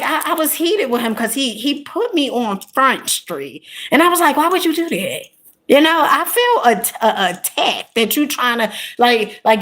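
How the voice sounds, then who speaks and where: Woman vlogger, slightly high pitch, emphatic, chatty storyteller with frequent "honey" and "okay?" asides. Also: fairly bright tone. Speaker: content creator. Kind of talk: casual storytelling monologue.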